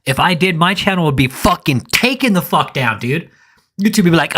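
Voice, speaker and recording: A man's voice: on the high side, animated, brisk, fairly bright tone, husky. A man giving live reaction commentary in an angry, profane rant.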